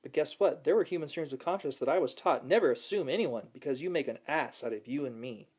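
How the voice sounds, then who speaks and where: On a casual motivational video, a self-help host with a voice on the high side talks fast, his tone a little mellow with a breathy edge. He reads viewer comments aloud to the camera and laughs often as he goes.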